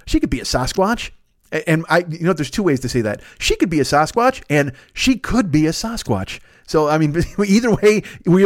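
A man's voice: on the high side, no echo, studio quality. A man riffing in a rambling, profane comedic monologue as a podcast host, laughing often and correcting himself.

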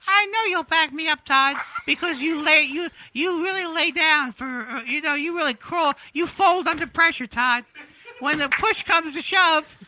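A male comedian plays a self-absorbed female celebrity comic who rambles on in a piercing, bright, high voice. She sounds mock-sincere and pleased with herself. There is a faint hiss under the podcast recording. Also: moderate pace, full character voice. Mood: smug. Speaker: comedian guest. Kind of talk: comedic impression in podcast banter.

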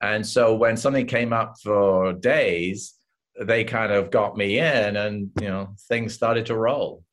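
An older English man, an actor guest, telling animated stories in an interview and acting out the voices of the people in them. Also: on the low side, slow. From England. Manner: animated anecdotes, acts out voices of others. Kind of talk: casual interview storytelling.

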